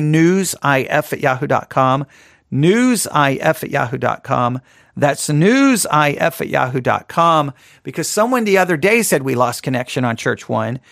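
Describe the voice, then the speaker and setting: A man's voice: a little high, gravelly, fairly bright tone, dry recording. Rambling man on a dry close mic. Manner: rambling, self-deprecating, with many restarts. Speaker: podcast host. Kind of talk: casual Christian podcast talk.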